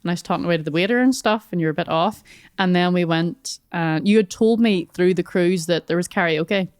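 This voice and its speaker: A woman co-hosting a relaxed podcast, telling her story with lively energy and acting out the dialogue. Her voice is smooth and rather low for a woman. The sound is dry and close. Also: fairly quick, dry recording. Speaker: podcast co-host. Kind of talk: casual storytelling chat.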